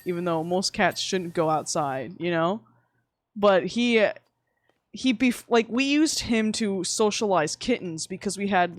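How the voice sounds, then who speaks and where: A young woman livestreaming, chatting casually while she plays, rambling and swearing with sudden animated outbursts. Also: lowish voice, dry recording. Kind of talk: casual chat while gaming.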